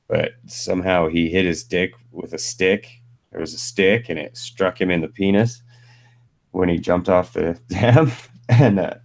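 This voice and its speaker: A man hosting a casual live stream chat, cursing freely and laughing through his stories. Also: sits low. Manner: profane, storytelling, laughs while telling. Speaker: stream host.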